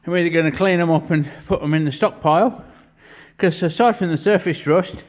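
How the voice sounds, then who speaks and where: A vlogger who works as a metal fabricator chats bluntly about his metalwork, cursing freely in casual workshop narration. His voice is on the high side and fairly quick, and now and then he's winded.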